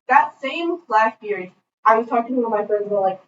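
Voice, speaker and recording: A young woman co-hosting a podcast, telling a college story in an animated way, laughing as she goes. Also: a little high, moderate pace. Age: young adult. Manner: animated, laughing, imitates a thick accent in quotes. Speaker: podcast co-host. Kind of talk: casual storytelling chat. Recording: roomy, distant, dull sound with faint noise.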